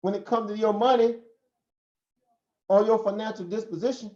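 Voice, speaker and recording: At a moderate pace, a man with a high, slightly mellow voice and fairly even intonation hosts a casual live stream in a Southern American accent. He sounds preachy, leaning on rhetorical questions and laughing often. The lo-fi audio comes across roomy and dull.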